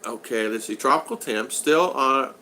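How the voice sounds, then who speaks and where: A man's voice: mid-range voice, animated, moderate pace, pushed and bright. A man in his sixties hosting a casual live stream at home, chatting loosely, reading out viewer comments and teasing regulars in a friendly way. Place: at home in the Philippines.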